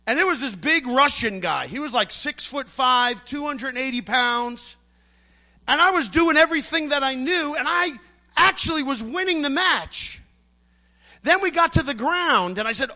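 A man's voice: very high voice, expressive, normal speed, bright, forceful tone. A middle-aged man preaching a sermon, emphatic and storytelling, acting out the voices he quotes.

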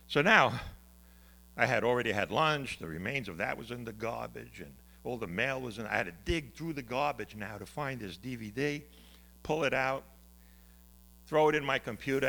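A man who is a pastor, preaching a conversational, story-driven sermon that swings from loud to hushed. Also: mid-range voice, expressive, moderate pace, gravelly.

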